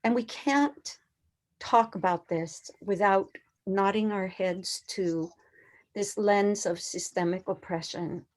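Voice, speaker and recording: A woman's voice: mid-range voice, takes it slowly. A woman in her sixties, whose first language was not English, giving an earnest conference presentation to educators and posing rhetorical questions. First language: a language other than English.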